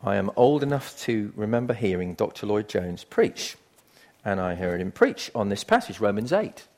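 An older man preaching a sermon in a conversational, emphatic way, swinging from quiet asides to loud bursts. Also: lowish voice, very animated, normal speed.

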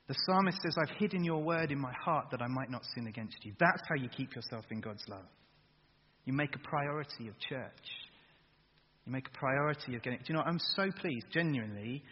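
Husky preacher in a reverberant hall. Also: male voice, on the high side. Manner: lively, questions the listeners directly. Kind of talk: sermon. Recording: dull recording with long hall reverb.

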